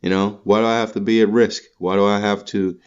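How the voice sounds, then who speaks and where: A man's voice: fairly low pitch, level tone, brisk, clean tone, muffled recording. A man hosting a podcast, delivering a rambling, profane comedic monologue full of crude rants. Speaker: podcast host.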